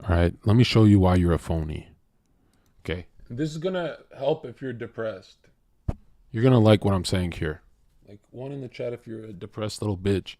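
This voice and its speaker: A man hosting a livestream and talking to his chat in a blunt, profane rant that swings from shouting to low muttering. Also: expressive, normal speed, no echo, studio quality.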